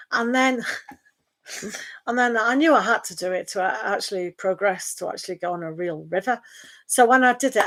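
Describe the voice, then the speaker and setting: A middle-aged woman, chatting casually and rambling as she reads tarot on a live stream. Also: medium pitch. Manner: chatty and rambling, with frequent laughs. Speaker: tarot reader.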